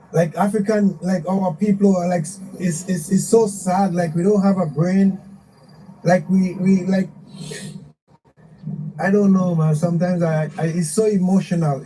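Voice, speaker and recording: Emotional high-voiced male caller, dark tone. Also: recorded from a distance, a little hiss or hum, low-quality recording. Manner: emotional, rambling, repeats himself. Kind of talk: emotional call-in remarks.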